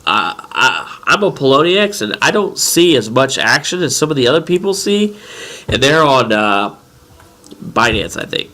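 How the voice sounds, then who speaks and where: A congested man talking casually through his trading bot settings, rambling with halting restarts. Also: mid-range voice, big pitch swings, pushed and bright. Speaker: crypto trading bot vlogger. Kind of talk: casual screen-share commentary.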